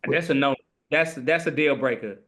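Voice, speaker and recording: A man's voice: a little high, normal speed, bright, forceful tone. A man on a discussion panel, talking emphatically and repeating his points.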